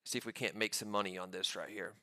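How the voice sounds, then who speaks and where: A man giving live commentary on his own trades, pumped up and talking in quick excited bursts. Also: deep voice, no room sound, studio quality. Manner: hyped, pumped-up chatter with sudden bursts.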